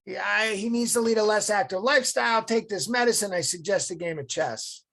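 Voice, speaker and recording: A man's voice: sits high, fairly quick, creaky, fairly bright tone, voice pushed up, heavily acted. A man voicing an older, dismissive male doctor with a Massachusetts accent and a drawling, nasal delivery, over a video call.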